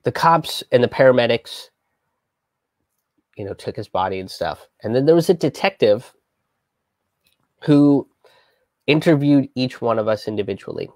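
Man, live stream storytelling, halting, many restarts, swears freely, middle pitch, dry close sound. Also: lively intonation, darkish tone, no room sound. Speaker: comedian telling a personal story on a live stream.

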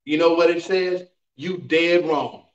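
Here the pastor speaks at a measured pace in a fairly high voice, leading a Bible class in the church sanctuary with emphatic preaching, call-and-response, and rhetorical questions for the congregation. The sound is roomy and dull, picked up by a faraway microphone.

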